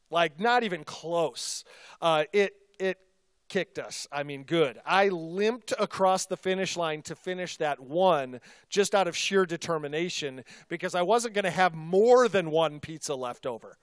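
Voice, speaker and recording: Male pastor, middle-aged, high and resonant, dry close sound, chatty self-deprecating sermon storyteller. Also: no echo.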